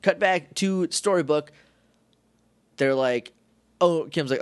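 A man co-hosting a casual podcast, recapping a TV episode with lots of laughter and quick acted-out asides. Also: fairly high pitch, smooth, dry recording. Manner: excitable, laughs often, acts out lines in quick asides. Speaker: podcast co-host.

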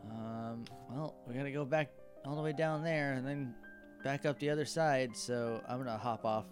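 A young man plays a tabletop game, his voice mid-pitched and plain. He talks in an easygoing, teasing way. Faint guitar music runs quietly underneath. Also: normal speed. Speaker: player.

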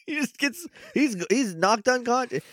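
Give me a podcast co-host man, animated and amused, with a dry, close sound. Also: very high-pitched, measured pace, no echo. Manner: laughing, animated retelling with quoted voices. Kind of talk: casual chat recapping a show.

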